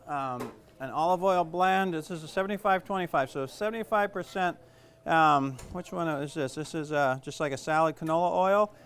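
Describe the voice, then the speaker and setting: Chatty, rambling chef, a somewhat high man. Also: clear, resonant tone. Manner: chatty, rambling, jokes at himself. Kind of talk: casual cooking demonstration.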